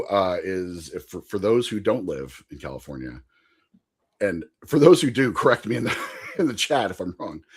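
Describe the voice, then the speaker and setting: Lively man rambling through a funny story. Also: deep voice, breathy edge. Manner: animated, laughing, rambling anecdote. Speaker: podcast guest. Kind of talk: casual storytelling.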